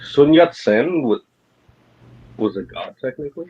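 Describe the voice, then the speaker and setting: Male storyteller, very lively pitch, dull lo-fi mic, casual. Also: measured pace, slightly rough. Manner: animated storyteller, mixes in Spanish phrases. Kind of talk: casual chat.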